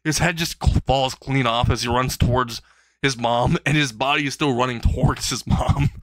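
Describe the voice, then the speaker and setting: A man's voice: mid-range voice, steady tone, normal speed, no echo. A man improvising a comedic fan story, narrating in a rambling way and chuckling between lines.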